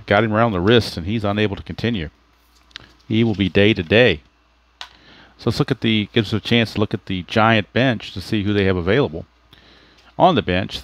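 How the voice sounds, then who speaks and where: A man's voice: on the low side, no room sound. A man narrating play-by-play for a tabletop baseball replay, steadily explaining ratings and dice rolls as he goes. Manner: steady explanatory play-by-play, thinks aloud about rules. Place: home setup at a computer.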